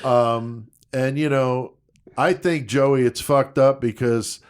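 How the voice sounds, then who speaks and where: A man co-hosting a casual true-crime podcast. His voice sits at a middle pitch. He lays out the facts in a loose, profane, conversational way. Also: steady tone, slow pace, clear, resonant tone. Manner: laid-back, profane, recounting case details. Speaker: podcast co-host.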